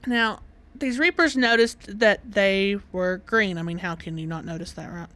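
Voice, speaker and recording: A woman's voice: mid-range voice, moderate pace, fairly bright tone. A woman with a Southern US accent, co-hosting a podcast in casual chat and laughing often. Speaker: podcast co-host.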